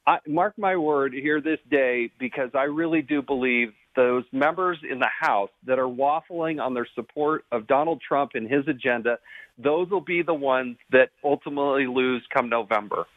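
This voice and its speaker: A man speaking as a guest congressman on a radio show, forceful and insistent. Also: mid-range voice, moderate pace, no room sound. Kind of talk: phone-in political interview. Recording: tinny phone line.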